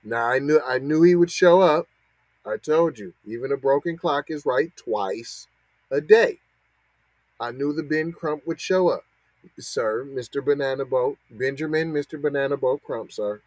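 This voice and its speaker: A man's voice: mid-range voice, unhurried, darkish tone, no echo, low-quality recording. A man, hosting a podcast and reacting to news clips with mocking, repetitive commentary. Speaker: podcast host.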